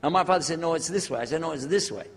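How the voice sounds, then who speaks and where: An older man, a preacher, telling a personal story to an audience and acting out the dialogue with lively shifts of voice. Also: a little high, racing. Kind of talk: storytelling lecture. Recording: husky voice in a long-reverb hall.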